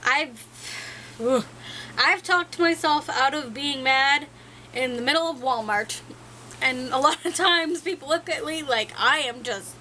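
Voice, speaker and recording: A woman's voice: high-pitched, animated, unhurried, bright, forceful tone, a little hiss or hum, poor audio. A young woman talking frankly to the camera in a rambling, self-mocking way. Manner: rambling, frank, laughs at herself. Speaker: vlogger. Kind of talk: casual talk to camera.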